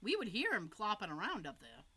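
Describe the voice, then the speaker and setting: A woman's voice: mid-range voice, wildly swooping pitch, brisk, over a noisy crowd. A woman co-hosting a podcast in casual chat, laughing often and telling stories with animation. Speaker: podcast co-host.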